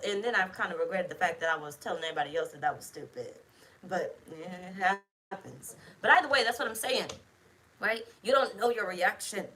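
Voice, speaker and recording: A woman's voice: medium pitch, a bit bright, a little hiss or hum, poor audio. A woman giving a casual tarot reading to camera, talking bluntly and emphatically, with plenty of swearing. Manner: blunt, profane, emphatic, chatty. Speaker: tarot reader.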